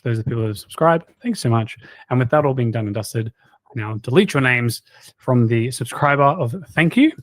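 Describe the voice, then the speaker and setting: A man in an easygoing host voice works through a long list of thanks, cracking small jokes between names and tripping over spellings. His pitch sits in a middle range, and the sound is dry and close with no room echo. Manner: jokey, stumbles over hard names with quips. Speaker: health coach and channel host. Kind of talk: casual chat, reading out subscriber thanks.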